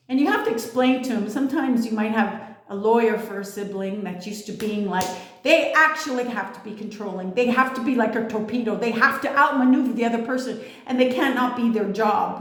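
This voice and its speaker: A woman with a fairly high voice talks through a casual spiritual monologue. She is blunt and emphatic and swears freely. The room around her rings with echo. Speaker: spiritual vlogger. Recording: echoey room.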